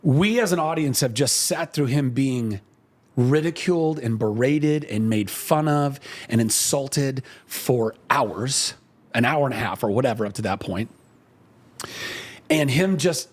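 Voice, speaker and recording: A man in his forties telling a personal story in casual chat, emotional and animated, with many fillers and restarts. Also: medium pitch, unhurried.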